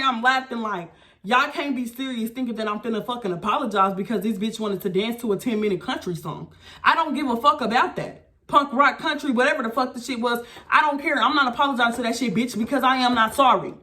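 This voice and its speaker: Woman, blunt profane storytime vlog, animated rant. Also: on the high side, quick pace. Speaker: vlogger.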